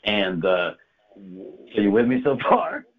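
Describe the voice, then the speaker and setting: A man's voice: on the low side, slow, a crowd in the background. A man telling a wild story in a casual chat, laughing often and swearing freely. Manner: animated, laughing, profane storytelling. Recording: tinny phone-like line.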